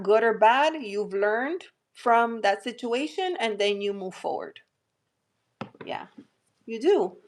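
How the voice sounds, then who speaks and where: A woman with a light New Jersey accent speaks in an unhurried, gentle way, reassuring her viewers during a live tarot stream. Her talk is loose and chatty, full of fillers and small restarts, at a mid pitch. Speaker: tarot reader hosting a livestream. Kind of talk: live-stream chat and readings.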